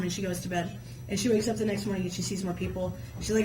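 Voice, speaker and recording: A woman guest telling myths in casual, colloquial chat, with a lively storyteller's manner. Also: medium pitch, racing. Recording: echoey room with faint hum.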